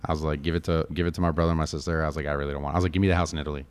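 A man from Connecticut talks quickly in a low voice. He is a chef and restaurant owner telling family stories in a casual interview. He is animated, mimics his relatives, and scatters "like" everywhere. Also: smooth. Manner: animated, quotes family members, heavy use of "like".

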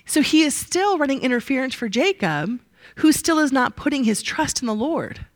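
A woman's voice: high-pitched, normal speed, dry recording, clean studio sound. A woman teaching a Bible study to a live group in a conversational way. She often asks the group questions and answers them herself. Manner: lively, asks the audience rhetorical questions.

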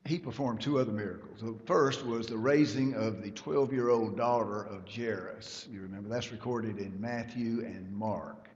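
A man's voice: fairly low pitch, moderate pace, few pauses, darkish tone. A man preaching a sermon, emphatic and rising in volume at key points. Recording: lo-fi hall recording with long reverb.

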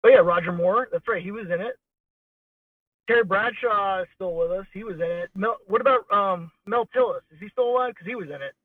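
A man's voice: high voice, a little fast, no echo. A man in casual chat, telling rambling stories in a wry, blunt way over a call. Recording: tinny phone line.

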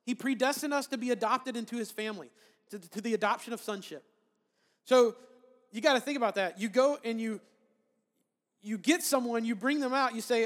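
A man's voice: extremely high pitch, brisk, big-room sound. A man preaching a sermon in a conversational way, often checking in with "right?" and restarting his phrases. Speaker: pastor.

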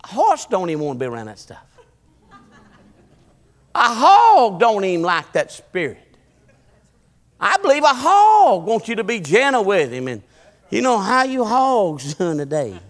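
Man, preacher; high-pitched, sharp tone, folksy, shouts then mutters, reverberant hall. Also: huge pitch swings, a little slow, pauses often. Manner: folksy, swings between shouting and low muttering. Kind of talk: sermon.

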